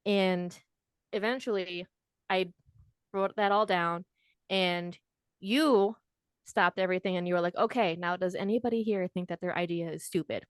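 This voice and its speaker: A woman's voice: fairly low pitch, moderate pace, smooth, dry recording. Chatty young woman, dry close sound. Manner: chatty, self-deprecating, fidgety. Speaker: guest. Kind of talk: casual storytelling.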